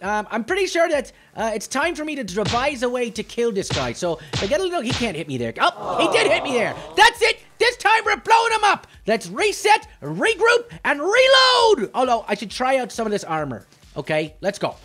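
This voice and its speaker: A man voicing a clumsy, short-tempered male leprechaun with a put-on Irish accent, giving boastful, shouty commentary on a game. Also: very high-pitched, wildly swooping pitch, brisk, hardly any pauses, exaggerated voice. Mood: excitable. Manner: giddy, boastful, shouty taunting. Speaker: gameplay commentator.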